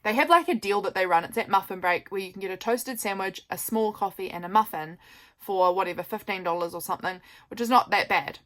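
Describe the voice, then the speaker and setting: A woman's voice: mid-range voice, fairly quick. A young woman with a New Zealand accent, chatting casually and rambling as she flips through her journal, tired and yawning. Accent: New Zealand English. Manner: chatty, rambling, warm asides to viewers. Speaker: journaling vlogger. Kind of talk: casual flip-through chat. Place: home.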